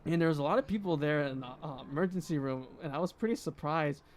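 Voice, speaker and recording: A young man in his twenties co-hosts a podcast, speaking at a fairly high pitch and a quick pace. He tells a story in casual chat, laughing and animatedly acting out what others said. There's slight background noise.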